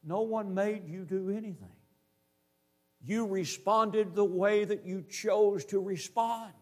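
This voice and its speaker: A man with a high voice preaches a sermon emphatically, slowing down to stress key phrases and repeating his points in lists.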